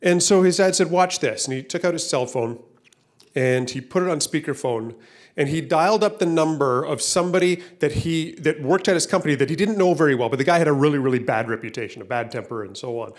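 A man's voice: fairly high pitch, quick pace. A man preaching a sermon as pastor to a church room and online viewers, talking casually and often repeating words. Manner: conversational, repeats words, acts out voices in stories.

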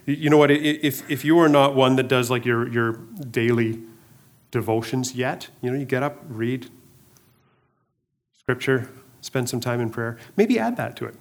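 Delivering a relaxed sermon at a moderate pace, this middle-aged pastor speaks in a medium-pitched voice. He frequently restarts and repeats words, and he jokes on the side.

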